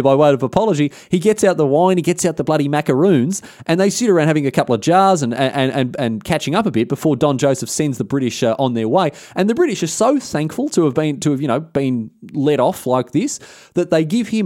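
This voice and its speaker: A man's voice: a little high, animated, fairly quick, darkish tone, dry recording, studio quality. A man hosting a history podcast, telling the story in a casual, slangy, cheeky way.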